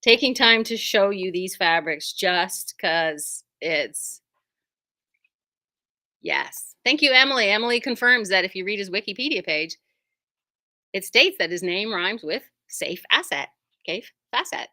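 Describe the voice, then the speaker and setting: A woman's voice: medium pitch, expressive, a little slow, pushed and bright, no echo. A woman who runs a quilt shop, showing off new fabrics in a chatty, rambling, self-deprecating way from inside her shop. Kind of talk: casual product showcase.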